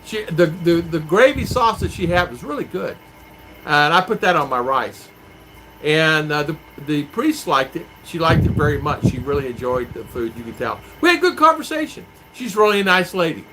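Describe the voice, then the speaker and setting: Reading viewer comments and answering them in a rambling, casual live stream, an American vlogger talks from his home in the Philippines. He sounds very animated, pitched on the high side, moving at a moderate pace. A noticeable clicking can be heard behind him.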